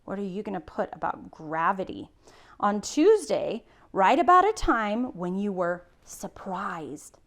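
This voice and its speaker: Slow, patient woman teacher. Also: medium pitch, big pitch swings. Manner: slow, patient, sounding out words. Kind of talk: recorded class lesson.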